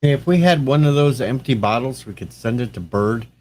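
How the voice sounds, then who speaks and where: A man's voice: mid-range voice, lively intonation, brisk, darkish tone. A man joking around with friends in a casual livestream chat. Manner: joking, playful.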